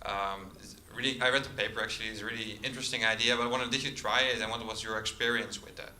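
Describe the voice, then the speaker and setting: A man in the audience of a conference asking a quick, curious question. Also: on the low side, fairly even intonation, sharp tone, a little hiss or hum. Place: conference hall. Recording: roomy hall sound with faint ambience.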